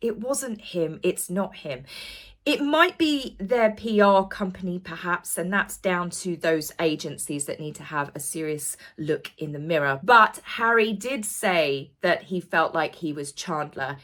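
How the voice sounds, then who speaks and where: A woman's voice: on the low side, a little slow, a bit bright. A woman hosting a royal news channel in a chatty, gossipy manner, with tongue-in-cheek asides. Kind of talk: casual commentary vlog.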